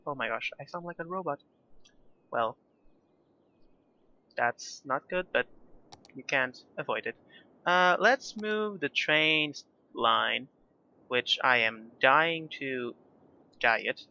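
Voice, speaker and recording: A man's voice: mid-range voice, lively intonation, takes it slowly, long pauses, sharp tone, dull audio. A young man chatting casually over his own city-building gameplay, rambling and self-deprecating as he goes. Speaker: gaming YouTuber.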